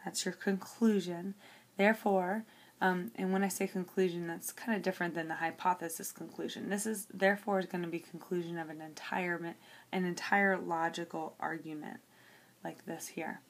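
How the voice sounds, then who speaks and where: A woman's voice: on the low side, steady tone, moderate pace. A woman teacher working through a logic example on paper, explaining each step and checking in with "okay" as she goes.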